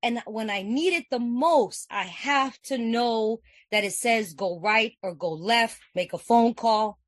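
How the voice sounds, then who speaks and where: A woman's voice: fairly high pitch, slow pace, no room sound. A woman from California giving an earnest, conversational personal share at a recovery meeting, repeating phrases and often asking "you know what I'm saying".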